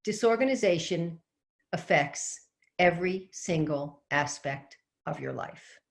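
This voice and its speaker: A middle-aged woman with a notably low voice, speaking from home over a video call. She is an organizing coach giving a webinar, telling a chatty family story and turning to ask her listeners questions. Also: expressive, measured pace, gravelly. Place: home with fresh flowers behind her.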